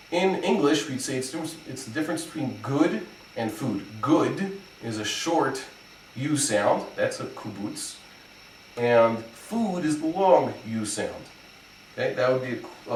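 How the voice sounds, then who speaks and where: A male rabbi giving a methodical lesson on pronunciation, spelling out examples and pausing on fillers as he explains. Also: medium pitch, darkish tone, recorded from a distance. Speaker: rabbi teaching Hebrew pronunciation. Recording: echoey room, voice from off the mic, faint background noise.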